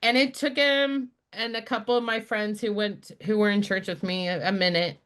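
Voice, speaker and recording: A woman's voice: mid-range voice, brisk, clean tone. A middle-aged woman from Utah, a spiritual director telling a personal story in a conversation and acting out the people she quotes. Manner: animated storyteller, acts out quoted friends. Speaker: guest, spiritual director and activist.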